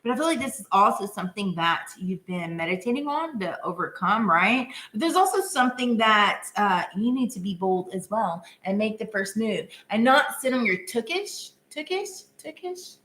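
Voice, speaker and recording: A woman's voice: mid-range voice, expressive, moderate pace, hardly any pauses, fairly bright tone, roomy sound. A woman doing a live-stream tarot reading in a chatty, casual way, full of filler words and giggles. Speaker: tarot reader.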